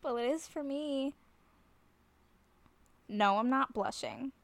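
Flustered woman in an audio role-play, nervous and self-conscious, with a fairly high voice and a dry, close sound. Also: takes it slowly, creaky, no room sound. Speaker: nervous woman talking to a friend on the phone.

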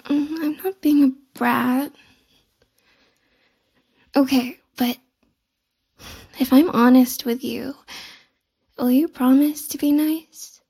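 Giggly, teasing young woman, high fry. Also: steady tone, slow, long pauses, mellow. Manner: playfully bratty and coy. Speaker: audio role-play performer. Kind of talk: intimate audio role-play.

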